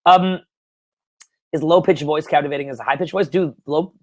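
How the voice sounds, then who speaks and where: A young Canadian man coaching on dating in a profane, excitable way, swinging from mumbled asides to loud bursts. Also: on the high side, normal speed, no room sound. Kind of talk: webinar Q&A.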